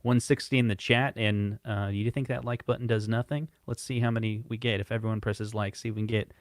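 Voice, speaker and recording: A man's voice: lowish voice, flat delivery, brisk, dry recording. A man co-hosting a casual livestream, reading out viewer messages in an easygoing way. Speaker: co-host.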